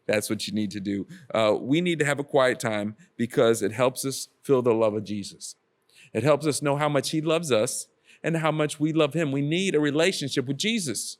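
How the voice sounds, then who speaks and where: A man's voice: mid-range voice, normal speed. Earnest man giving a casual sermon. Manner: earnest, repetitive exhortations to the listener. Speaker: preacher.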